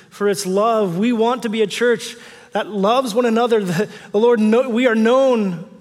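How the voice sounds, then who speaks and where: A man's voice: sits high, big-room sound. A man pastor preaching a conversational sermon in a church, repeating key phrases for emphasis.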